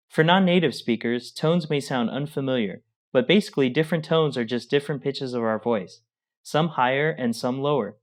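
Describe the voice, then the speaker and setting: Calm man explaining a lesson. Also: mid-range voice, normal speed. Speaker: Mandarin teacher. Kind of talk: scripted pronunciation lesson.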